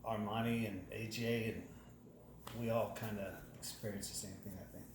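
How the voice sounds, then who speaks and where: A man with a gravelly voice gives a short, matter-of-fact account. Clear outdoor noise and a roomy echo surround him. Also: lowish voice, steady tone, moderate pace. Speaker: camp attendee giving testimony. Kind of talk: personal testimonial.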